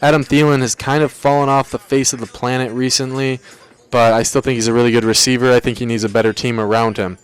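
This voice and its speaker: A young man with a smooth, clean voice hosts a casual livestream. He talks loosely and bluntly, throwing in slang and answering his chat as he goes. His pitch sits in an ordinary middle range for a man. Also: flat delivery, quick pace. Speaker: livestream host.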